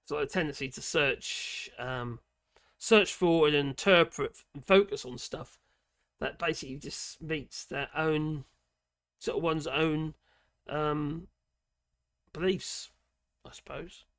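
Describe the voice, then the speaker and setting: A man giving rambling, opinionated political commentary on a live stream. His voice is hoarse and croaky, and he speaks colloquially with many fillers. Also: a little high, slow pace, long pauses, a bit bright.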